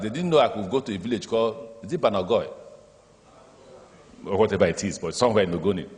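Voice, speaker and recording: Low-voiced Nigerian man speaking in a hall. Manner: lively storyteller, acts out dialogue in speech, draws audience laughter. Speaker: state governor addressing an education summit. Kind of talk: speech with anecdotes. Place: large conference hall. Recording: reverberant hall.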